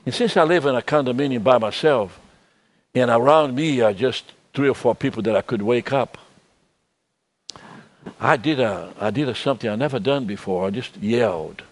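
Older man preaching, halting and soft. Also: medium pitch. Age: 70s. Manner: halting, repeats words, drops to soft tones. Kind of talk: sermon.

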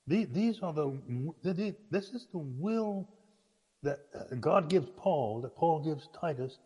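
A man preaching a sermon in a folksy, halting way, often restarting his words. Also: fairly high pitch, warm tone, breathy edge, long reverb tail.

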